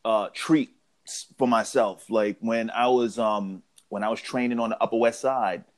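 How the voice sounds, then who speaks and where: A man's voice: lowish voice, normal speed. Laid back guy on a podcast, laughs a lot, keeps restarting what he's saying. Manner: relaxed, laughs easily, trails off and restarts. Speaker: podcast host. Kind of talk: casual chat.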